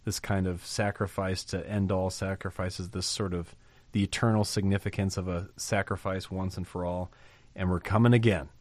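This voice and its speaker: A man's voice: low voice, flat delivery, moderate pace, darkish tone, no echo. A man preaching a sermon, reading scripture aloud and commenting on it in a conversational way. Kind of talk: sermon on a Bible passage.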